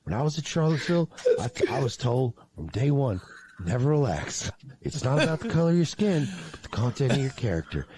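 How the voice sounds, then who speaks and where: A man's voice: mid-range voice, sing-song, brisk, warm tone, natural voice. A man voicing a mock-earnest male streamer who claims he has reformed his views, in a preachy parody style. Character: reformed ex-alt-right male streamer, folksy Southern drawl. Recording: faint background noise.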